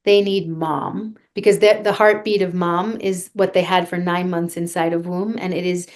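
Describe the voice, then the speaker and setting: A woman's voice: lowish voice, little pitch movement, moderate pace, darkish tone. A woman vocal coach being interviewed on a podcast, talking earnestly and guiding listeners through a breathing exercise.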